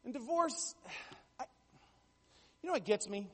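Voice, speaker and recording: A man's voice: very high-pitched, lively intonation, measured pace, breathy edge, big-room sound. A man preaching a sermon, telling stories with jokey asides and building to emphatic bursts. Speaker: pastor.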